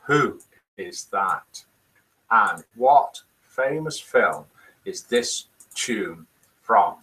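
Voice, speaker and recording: A man hosts a relaxed live chat stream, reading out his viewers' comments and guesses one by one. His voice is bright and keeps jumping up and down in pitch. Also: very slow.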